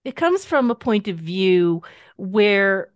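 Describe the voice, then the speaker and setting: A woman guest author talking through her practice in a casual interview, animated and explanatory, laughing easily. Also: medium pitch, slow pace, no room sound. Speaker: guest author and tarot teacher.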